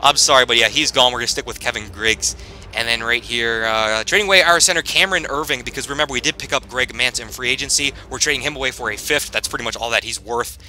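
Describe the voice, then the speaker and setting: Excitable man with a sharp, tense voice. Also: mid-range voice, fast. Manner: excitable, rambling, bursts of loud hype. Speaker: gaming commentator. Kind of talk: casual gameplay commentary.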